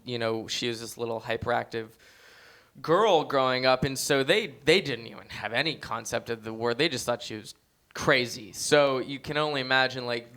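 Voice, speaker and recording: A young man chatting as a podcast guest, telling stories in a lively, animated way. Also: mid-range voice. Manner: animated storyteller, acts out quotes. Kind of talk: casual interview chat.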